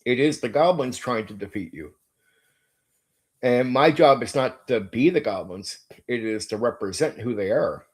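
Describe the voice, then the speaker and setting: Blunt, ranting man with a mid-pitched voice. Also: animated, moderate pace, breathy edge. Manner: blunt, ranting, emphatic, swears, peppers speech with "like" and "dude". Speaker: game master and channel host. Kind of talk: opinionated monologue on running tabletop games.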